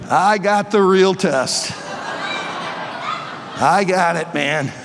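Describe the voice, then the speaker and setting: Sixties male preacher, high husky voice, playful and shouty, long hall reverb. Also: drawn-out words, a crowd in the background, background noise. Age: 60s. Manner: playful, joking, bursts into shouts. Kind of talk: energetic youth sermon.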